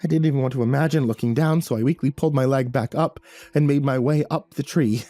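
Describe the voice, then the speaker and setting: A man's voice: mid-range voice, steady tone, fast talker, dark tone, no echo, soft background music. A man narrating a first-person horror story in a tense, breathless way, stumbling over words now and then.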